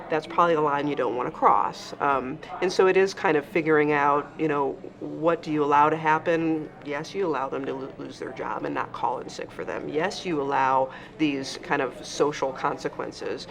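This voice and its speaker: A man speaks as a treatment professional, steady and clinical. His voice is slightly high with a gravelly edge. Crowd chatter can be heard clearly behind him. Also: poor audio. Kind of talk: explanatory interview.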